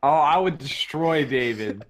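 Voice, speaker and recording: A man's voice: medium pitch, animated, measured pace. A man co-hosting a casual podcast in a laid-back way, saying "dude" and "bro.". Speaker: podcast co-host. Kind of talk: casual chat.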